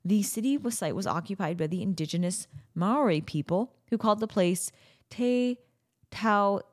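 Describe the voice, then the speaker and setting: A woman hosting a podcast in a casual, chatty way, playful and quick to break into silly asides. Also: mid-range voice. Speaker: podcast host. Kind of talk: casual chat.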